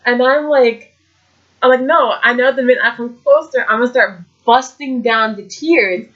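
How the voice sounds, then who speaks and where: A young-sounding woman with a fairly high voice tells a fan story in an excited, rambling way, full of "like" and quoted reactions. The recording is dull and lo-fi. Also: moderate pace. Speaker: vlog host. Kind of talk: casual storytelling.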